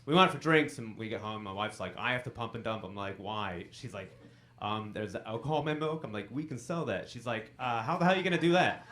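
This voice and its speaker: Animated stand-up comic in his forties. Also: lowish voice, brisk, slight background noise. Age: 40s. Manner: animated storytelling, acts out quotes in bursts. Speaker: stand-up comedian. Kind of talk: stand-up comedy set. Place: comedy club stage.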